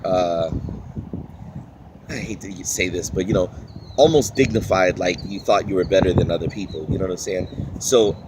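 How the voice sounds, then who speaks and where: Low-voiced man with a DC accent. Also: background noise. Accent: Washington DC. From Washington, DC. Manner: rambling, searching for words. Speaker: vlogger. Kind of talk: casual accent-challenge vlog.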